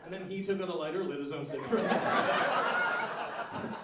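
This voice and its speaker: A man doing stand-up, telling stories and acting out the strangers he met in quick asides. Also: high-pitched, heavy background noise. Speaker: stand-up comedian. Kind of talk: stand-up set. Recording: roomy, distant mic with loud crowd. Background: audience laughter.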